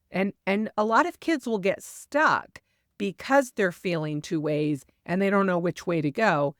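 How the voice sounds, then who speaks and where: A woman hosting a parenting podcast, explaining advice in a calm, steady way and sometimes livening up to model what a parent might say. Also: lowish voice, clean tone, no echo, studio quality. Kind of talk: advice monologue.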